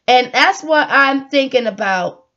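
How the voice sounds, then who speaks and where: Earnest high-voiced woman sharing her story. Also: lively intonation, a little slow, bright, forceful tone. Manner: earnest, heartfelt, repeats herself for emphasis. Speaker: vlogger. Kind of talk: emotional personal storytelling. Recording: dull lo-fi audio.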